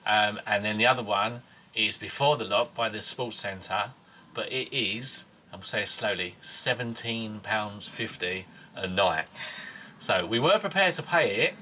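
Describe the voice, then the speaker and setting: A man's voice: lowish voice, animated, moderate pace, sharp tone, a little hiss or hum. A middle-aged man chatting casually as a vlogger, stumbling over restarts and laughing easily. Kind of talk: casual chat.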